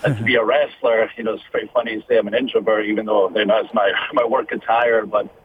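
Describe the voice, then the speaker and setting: A man's voice: on the low side, flat delivery, fast talker, breathy edge. A Scottish man in his thirties, a wrestler, telling his story in an earnest, reflective way over the phone. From Scotland. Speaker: guest wrestler. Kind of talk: casual interview over the phone. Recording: tinny phone line with faint noise.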